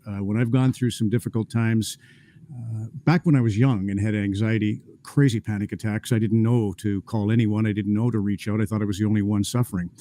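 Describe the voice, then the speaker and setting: A middle-aged man hosts a panel in an easy, anecdotal way, leaning on filler uhs. His voice sits low and sounds warm and mellow. He tells stories at an unhurried, conversational pace. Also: no echo. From Canada. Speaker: moderator. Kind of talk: casual storytelling.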